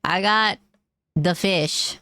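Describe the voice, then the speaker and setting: A woman streamer chatting casually while she plays a game, reacting out loud and swearing when startled. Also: on the low side, extremely slow, clear, resonant tone, no room sound, studio quality. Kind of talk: casual gaming commentary.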